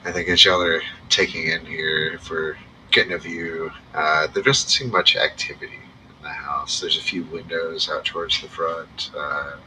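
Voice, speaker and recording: A man's voice: very deep voice, fairly even intonation, moderate pace, pushed and bright. A man running a tabletop game, describing scenes casually with lots of fillers. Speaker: game master. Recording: distant mic, faint noise.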